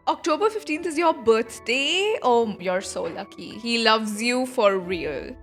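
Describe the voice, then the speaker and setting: A woman streaming a game quest, reacting in an excitable, gushing and giggly way in casual commentary. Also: fairly high pitch, measured pace, few pauses, music in the background.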